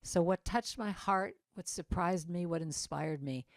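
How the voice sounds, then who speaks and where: Low-voiced woman giving a chatty church talk. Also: unhurried, no room sound, clean studio sound. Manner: chatty, meandering, with asides to audience members. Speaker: guest speaker at a church service. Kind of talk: inspirational talk to a congregation. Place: church sanctuary.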